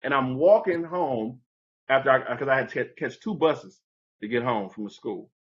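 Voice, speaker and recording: A man telling a personal story as an interview guest, animated and conversational, acting out the people in it. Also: medium pitch, moderate pace, dull audio.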